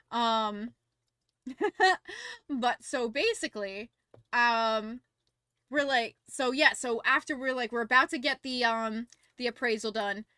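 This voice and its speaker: A young woman streaming, chatting casually and telling a rambling, animated story full of fillers. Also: fairly high pitch, no echo, clean studio sound. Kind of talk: casual livestream chat and visual novel read-along.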